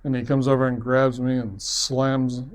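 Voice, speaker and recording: A man of medium pitch recounting a story from his own life. He rambles along in a loose, conversational way, self-deprecating, with an easy chuckle here and there. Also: level tone, moderate pace. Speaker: web series producer. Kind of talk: personal storytelling.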